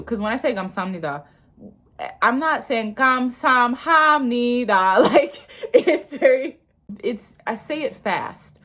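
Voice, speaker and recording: A woman's voice: medium pitch, fairly bright tone. A young woman in her twenties from the United States, chatting casually and reading a lesson aloud while learning a language, swearing freely and laughing often. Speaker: vlogger learning Korean. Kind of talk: casual study vlog.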